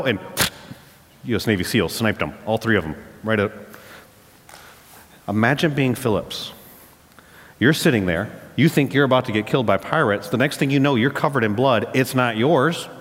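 A man's voice: mid-range voice, long reverb tail. A married man preaching a sermon as a pastor, retelling a story and then driving points home with emphatic repetition.

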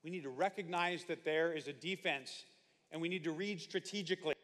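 A man preaching with a fairly high voice, telling his stories with lively, comic asides. His voice carries a long reverb, as in a large hall. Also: brisk. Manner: animated storytelling with comic asides. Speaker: pastor. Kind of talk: sermon.

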